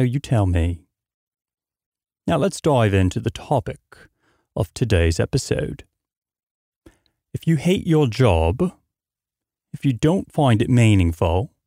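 A man hosts a motivational podcast, speaking with energy and emphasis and driving his points home by repeating them. His voice is lowish and mellow, captured in a dry, studio-quality recording.

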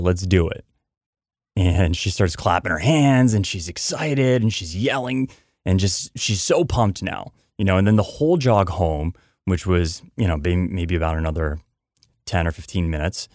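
A man's voice: deep voice, a little mellow, dry recording, studio quality. A man hosting a podcast, telling a story in a chatty way, with many asides and repeated words for emphasis. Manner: chatty, lots of "I mean" and "you know" asides. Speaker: podcast host.

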